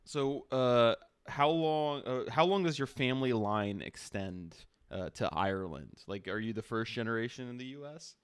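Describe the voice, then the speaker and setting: A man's voice: medium pitch, lively intonation, clear, resonant tone, no room sound, clean studio sound. A man streaming a casual chat with an AI character, teasing and playful. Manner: teasing, playful, quick to laugh.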